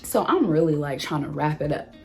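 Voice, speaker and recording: A young woman vlogger telling a dating story in an animated, exasperated way, acting out the lines of both people. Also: sits low, fairly quick, vocal fry, faint music behind. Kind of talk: storytime vlog.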